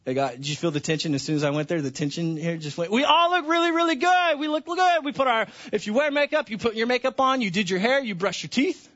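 A pastor preaches a sermon in a high voice with a bright edge, swinging from hushed, slow stretches to excited near-shouting. The recording sounds slightly dull and muffled.

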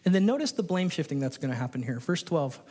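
A man's voice: a little high, big pitch swings, fast, a little mellow. A man preaching a sermon, reading scripture aloud and acting out the people in the story with playful asides. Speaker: pastor.

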